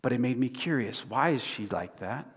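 A man's voice: mid-range voice, animated, moderate pace, slightly rough. Male pastor preaching in a reverberant sanctuary. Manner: dramatic preaching, swinging from loud to hushed. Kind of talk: sermon. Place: church sanctuary.

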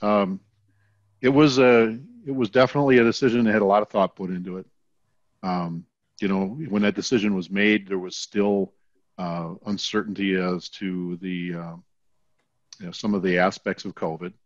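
A man explaining a fire department decision in a measured, hesitant way. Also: low-pitched, fairly even intonation, no echo, lo-fi sound. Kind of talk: video call panel discussion.

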